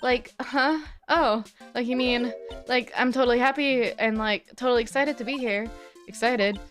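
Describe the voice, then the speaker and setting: Woman doing a ditzy valley girl, like like like, kinda high voice, game music low behind. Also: steady tone, normal speed, a bit bright, close to an everyday voice. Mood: breezy. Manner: peppers every phrase with "like", flippant. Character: valley-girl young woman, airy and dismissive.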